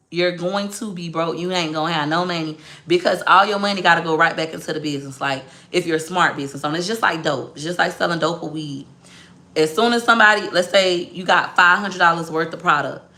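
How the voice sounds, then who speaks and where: A woman business owner telling a story to her viewers in a blunt, profane, animated way. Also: lowish voice.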